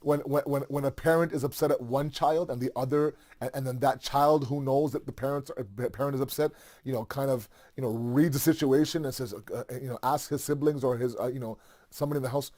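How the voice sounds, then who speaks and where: A man's voice: mid-range voice, fairly even intonation, fast talker, darkish tone. A man telling a religious story in a casual, conversational way, with many fillers and asides.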